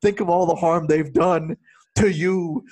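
A man's voice: a little high, steady tone, a little slow, low-quality recording. A man mimicking a ranting theatrical father. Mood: grandiose. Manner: loud, declamatory. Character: ranting theatrical middle-aged father, grandiose.

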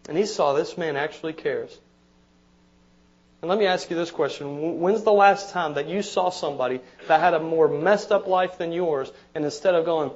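A man's voice: a little high, normal speed. A man preaching a sermon as pastor, conversational, repeating words and asking the congregation "amen?". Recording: dull lo-fi sermon recording.

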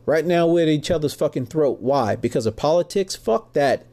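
A man's voice: on the high side, animated, normal speed, warm tone. A middle-aged American man hosting a podcast, ranting angrily and with heavy profanity about politics. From United States. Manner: angry, profane, emphatic ranting. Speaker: podcast host. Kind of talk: political rant.

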